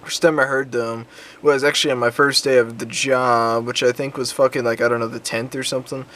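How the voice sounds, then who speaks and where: A man's voice: mid-range voice, level tone, a little fast, fairly bright tone. A young man chats to his viewers in a loose, rambling vlog, swearing freely and stumbling through ums and self-corrections. His voice sits in an ordinary middle register, and he tells stories with crude asides. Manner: profane, rambling, crude jokes; frequent ums and restarts. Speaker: vlogger. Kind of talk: casual storytelling vlog.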